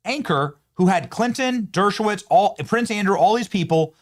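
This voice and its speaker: A man's voice: sits high, lively intonation, moderate pace. A man hosting a political commentary show, talking emphatically with sarcastic rhetorical questions. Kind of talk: opinionated commentary.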